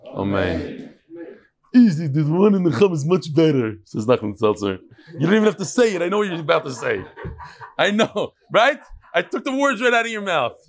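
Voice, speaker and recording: A man's voice: on the high side, very animated, normal speed. A man leading a daily Talmud class, joking and teasing back and forth with the people in the room. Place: classroom with a live audience.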